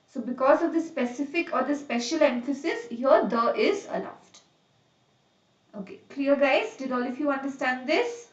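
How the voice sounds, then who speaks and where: A woman teaching a live online grammar lesson. She explains each rule slowly, repeats examples and checks on students by name. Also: sits high, animated, echoey room, distant mic, dull audio.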